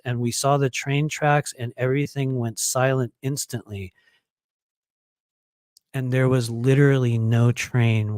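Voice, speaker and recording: A man's voice: mid-range voice, dry recording. A man hosting a live stream, telling a long personal story in a rambling, casual way with many fillers. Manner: rambling, filler-heavy, animated quoting. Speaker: host of a live psychic stream. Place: home in Florida.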